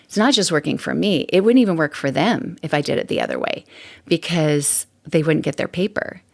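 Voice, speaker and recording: Casting: middle-aged woman podcast host with a low, gravelly voice, chatty and open. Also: brisk, a little mellow. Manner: chatty and candid, laughs often, rambling asides. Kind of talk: casual solo podcast monologue.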